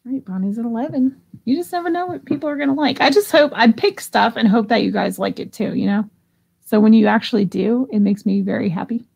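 A woman's voice: a little high, quick pace, gravelly, a little mellow, slightly rough. A woman hosting a live online auction, chatting casually and giggling as she reads out bids. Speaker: live sale host.

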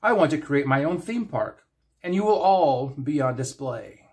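A man's voice: fairly high pitch, expressive, moderate pace, a little mellow. A man voicing Trelane, a flamboyant and childish godlike male aristocrat, in a theatrical, sing-song and haughty manner, in a fan story reading. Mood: gleeful.

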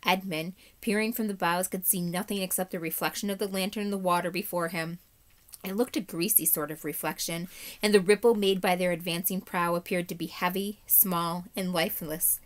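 A woman, a third-grade teacher, reading a chapter book aloud in a steady, measured way. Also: lowish voice.

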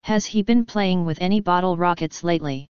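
A drawling, smirking young bully, menacing and mocking, as a woman reads him in a storybook. The voice sits low and sounds very smooth and clear. The recording is dry and a little dull. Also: a little fast, no echo, lightly acted. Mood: smug. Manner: drawling, smug.

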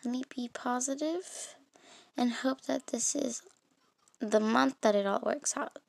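A woman reading an interactive story game aloud as its heroine, in an expressive, dramatic way. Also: a little high, measured pace, vocal fry, dry recording. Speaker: game player voicing the protagonist.

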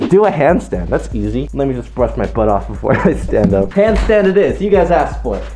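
A man's voice: mid-range voice, big pitch swings, brisk, music in the background. A young man doing dares in a playful, casual vlog, talking through a costume head. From England, raised in United States. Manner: playful, self-amused, talks through a fursuit head. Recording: echoey room.

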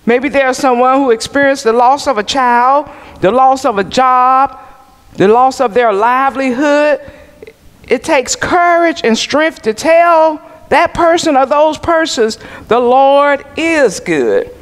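High, lively pastor preaching in a reverberant church. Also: male voice. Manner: slow, measured preaching with call-and-response questions. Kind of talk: sermon. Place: church sanctuary. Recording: church sanctuary with long reverb.

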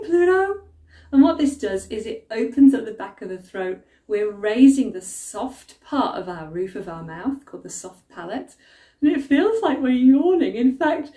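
A woman coaches singing, talking warmly and straight to her students. Her voice is mellow and rises and falls a lot. She sounds roomy and a little away from the mic. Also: mid-range voice, far from the mic. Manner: friendly, chatty teacher talking straight to students. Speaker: vocal coach. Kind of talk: singing technique lesson.

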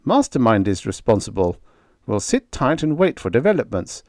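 A man's voice: mid-range voice, big pitch swings, moderate pace, darkish tone, dry recording. A man voicing a witty, dry-humored male station director in a science fiction story reading. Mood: wry. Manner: dry, mock-formal.

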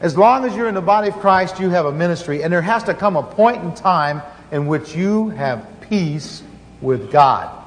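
A man's voice: high-pitched, animated, moderate pace. A man preaching a sermon, telling a story with earnest restarts and fillers. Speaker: pastor. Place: large conference hall. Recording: conference hall reverb, faint noise.

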